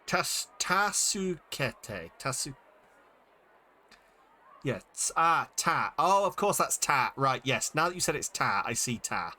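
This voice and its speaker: A man's voice: medium pitch, very animated, slow pace, sharp tone. A man streaming a game, chatting casually and thinking aloud as he sounds out Japanese words, with many fillers. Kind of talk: casual live-stream chat while reading Japanese.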